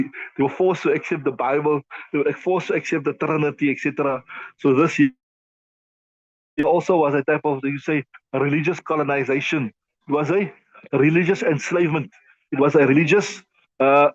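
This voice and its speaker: Male religious teacher, slightly high voice, emphatic and chatty with fillers; dry, muffled recording. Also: no echo. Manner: conversational, repetitive, emphatic with many fillers. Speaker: Islamic teacher. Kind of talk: tafsir class lecture. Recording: dull lo-fi dry sound.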